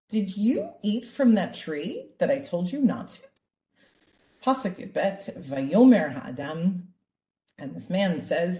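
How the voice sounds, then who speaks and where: A woman teaching an online Bible class, talking in a lively way and checking in with "right?" over and over. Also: fairly low pitch, normal speed. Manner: lively, asks "right?" often. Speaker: Torah teacher. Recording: echoey room.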